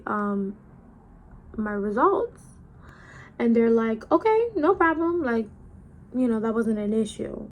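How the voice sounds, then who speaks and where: A young woman vlogger telling a personal story in a casual storytime chat, acting out the quotes in lively voices. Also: on the high side, a little hiss or hum. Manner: animated, acts out quotes in changing voices. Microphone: camera mic while doing makeup.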